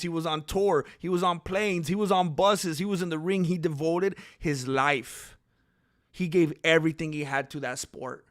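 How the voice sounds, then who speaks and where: A man's voice: a little high, a bit bright, dry recording, clean studio sound. A man hosting a casual livestream, rambling conversationally and answering his chat. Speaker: livestream host.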